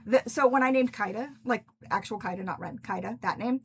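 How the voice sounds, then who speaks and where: Chatty young woman with a gravelly edge. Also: fairly high pitch, fairly quick. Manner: chatty, rambling, frequent "like" fillers. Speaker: author and stream host. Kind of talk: casual livestream Q&A. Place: indoors at home, in cosplay.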